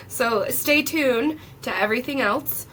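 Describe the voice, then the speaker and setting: A woman's voice: high voice, slow pace, fairly bright tone. A woman hosting a podcast interview, encouraging her guest and laughing easily. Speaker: podcast host. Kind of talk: casual interview chat. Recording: distant mic with faint noise.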